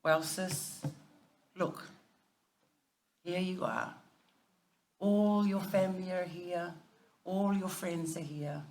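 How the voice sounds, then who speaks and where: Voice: mid-range voice, fairly even intonation, slow, long pauses, a little mellow. A family member giving a eulogy at a funeral service, telling stories and mixing English with Samoan phrases. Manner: anecdotal, laughing through stories.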